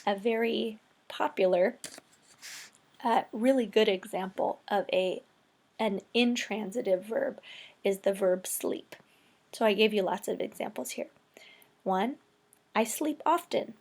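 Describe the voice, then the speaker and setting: A woman's voice: mid-range voice, fairly even intonation, a little slow, gravelly, pauses often, a little mellow. A woman teaching English vocabulary and grammar in a screen-recorded tutorial, explaining patiently step by step.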